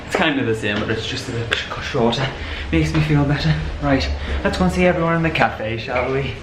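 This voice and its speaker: A man's voice: mid-range voice, fairly quick, noisy background. A young man, chatting casually to the camera in a rambling vlog. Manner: chatty, rambling, laughs often. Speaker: vlogger.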